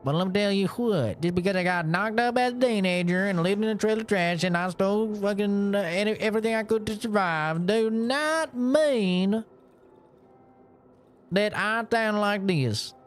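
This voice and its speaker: A woman's voice: medium pitch, moderate pace, voice pushed up, natural voice. A woman putting on a brash woman with a Southern US accent who defensively insists she has no accent.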